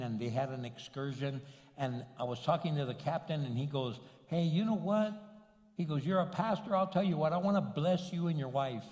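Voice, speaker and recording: A middle-aged man, a pastor, telling a story in a sermon with lively delivery and Spanish interjections. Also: fairly high pitch. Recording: long hall reverb.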